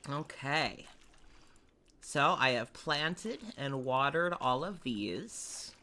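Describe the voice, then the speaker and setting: Streamer, woman: low but bright voice, lively delivery, chatty game commentary. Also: very slow. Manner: chatty and explanatory, with small laughs. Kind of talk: casual let's-play commentary.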